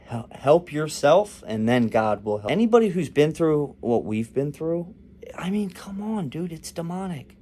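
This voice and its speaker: A man's voice: a little high, big pitch swings, a little slow, warm tone, slight background noise. A young man vlogging in a loose, rambling, joking monologue.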